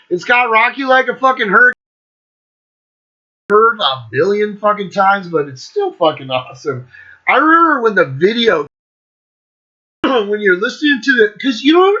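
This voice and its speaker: A man in his fifties hosting a casual monologue, swearing constantly, excitable and breaking into bits of song. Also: high voice, dull audio. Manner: profane, excitable, breaks into singing. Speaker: host. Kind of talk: casual monologue ranking albums.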